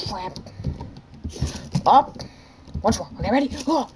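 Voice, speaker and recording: A woman giving let's play commentary, excitable, squealing and shouting at the game as she plays. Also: fairly high pitch, measured pace, pauses often, background noise. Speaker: gameplay commentator.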